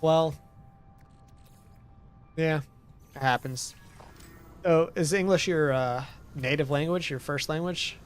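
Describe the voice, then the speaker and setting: A man's voice: on the high side, takes it slowly, long pauses, clear, resonant tone, faint music behind. A young American man streaming a game, chatting with his viewers in a rambling, easygoing way and laughing often. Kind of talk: casual chat while playing a game.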